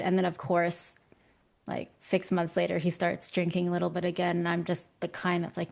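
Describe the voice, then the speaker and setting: Interview guest: young woman, low voice with a gravelly edge, chatty and self-mocking. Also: little pitch movement, moderate pace, a little mellow. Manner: chatty and self-deprecating, laughing often. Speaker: interview guest, visual development artist. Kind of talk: casual conversation.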